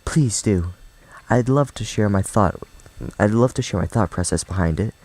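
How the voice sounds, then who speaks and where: A man voicing a shy, bookish young woman who speaks in a soft, hesitant, gentle way. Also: on the low side, normal speed, low-quality recording. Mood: timid.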